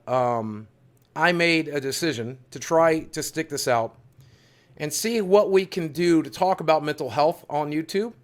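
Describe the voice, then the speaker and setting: A man hosting a livestream from his studio, talking in an earnest, heartfelt, confessional way with emphatic repetition. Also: a little high. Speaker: livestream host.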